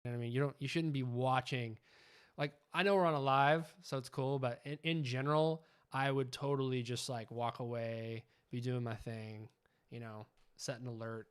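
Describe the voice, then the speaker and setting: A man hosting a live trading stream, chatting casually and getting excited as he watches the charts. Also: medium pitch, normal speed, clear, resonant tone. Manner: chatty, excitable, keeps asking "you know what I'm saying".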